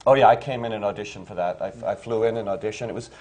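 A man's voice: fairly low pitch, rapid-fire, a little mellow, slight background noise. A man on a panel, telling a casual story about auditions in a rambling way, full of restarts and fillers. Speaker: stage actor on a panel.

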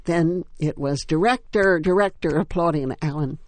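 An older woman, a stage actress, reminiscing in an interview with a wry, unhurried storytelling manner. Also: low-pitched, a little mellow, no echo.

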